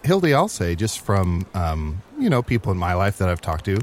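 A man co-hosting an improv comedy show with quick, wry remarks. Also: low voice, sing-song, slight background noise.

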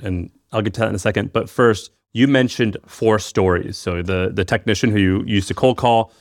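A man with a fairly low voice hosts a relaxed interview. He asks questions loosely, restarting as he goes. The sound is dry and close. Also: no room sound. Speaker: podcast host.

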